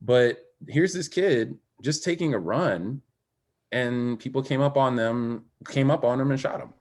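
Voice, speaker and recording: Here a man who once swam in the Olympics shares a personal story as a podcast guest, his mid-range voice unhurried. He's candid, animated and emphatic, swinging between quiet moments and raised ones.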